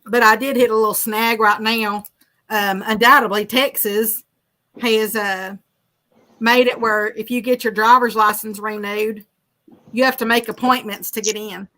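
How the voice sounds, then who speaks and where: A woman's voice: fairly high pitch, fairly even intonation, a little slow, sharp tone. A woman hosting a fishing livestream, chatting casually and teasing while reading viewer comments aloud. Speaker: livestream host reading chat. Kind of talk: casual chat.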